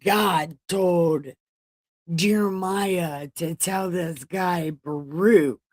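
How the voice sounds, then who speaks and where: A woman's voice: lowish voice, drawn-out words, darkish tone, no room sound. A woman hosting a casual livestream Bible reading from home, joking, swearing and playfully boastful. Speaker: host reading the Bible aloud.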